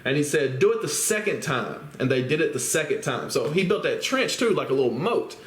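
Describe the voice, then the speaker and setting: A man's voice: fairly high pitch, animated, fairly quick, slight background noise. A man teaching the Bible, reading scripture aloud and then explaining it in casual talk, often checking in with listeners through tag questions. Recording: roomy echo.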